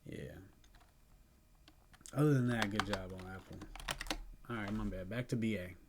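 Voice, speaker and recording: A sleepy, yawning man casually talking through his day trades, relaxed and chatty, thinking aloud with fillers and soft laughs. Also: lowish voice, normal speed, noisy background. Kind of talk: casual screen-recorded trade review.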